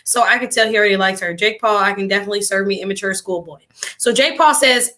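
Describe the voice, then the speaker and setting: A woman's voice: on the high side, fast talker. A woman hosting a reaction commentary, chatty and slangy, talking straight to her viewers. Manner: chatty, animated, addresses viewers directly; slangy casual speech. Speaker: commentary host.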